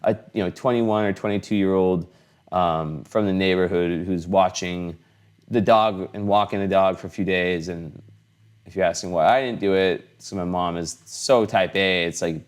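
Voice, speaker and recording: A man's voice: deep voice, steady tone, moderate pace, smooth. A young adult man talking casually to camera at home in a rambling vlog, with many restarts and fillers. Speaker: astrology vlogger. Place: home room, camera on a fixed setup.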